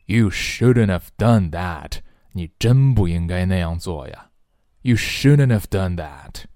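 A man teaching English phrases in a slow bilingual drill. He repeats each phrase and explains it in Chinese, acting out its feeling. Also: deep voice, animated, darkish tone, no room sound, clean studio sound.

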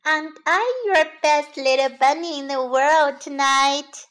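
A woman voicing a small, excitable young boy bunny who refuses to go to sleep, speaking high, loud and pleading. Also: measured pace. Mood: playful.

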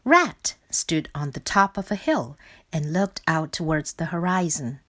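A woman reading a children's picture book aloud in a slow, clear and expressive way. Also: deep voice, faint music behind. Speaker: storybook reader.

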